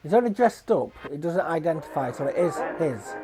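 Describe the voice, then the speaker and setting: A woman hosting a reaction video, making slow, amused asides over a playing film. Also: deep voice, big pitch swings. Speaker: reaction channel host. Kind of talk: casual commentary over a film. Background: music.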